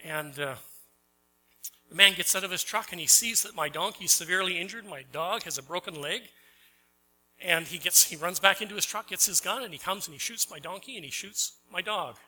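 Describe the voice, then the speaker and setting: Bright, high-voiced male preacher, emphatic. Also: fairly quick, low-quality recording. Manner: storytelling with voiced characters and questions to the congregation; swings between loud emphatic lines and soft quiet ones. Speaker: pastor. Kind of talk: sermon.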